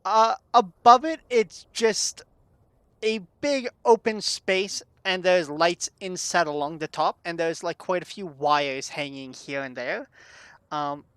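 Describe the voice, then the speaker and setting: A man narrating a tabletop game as game master, calmly describing the room and its people. His voice is bright and clear, recorded close and dry. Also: high voice, takes it slowly, no echo. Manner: descriptive, relaxed, with fillers.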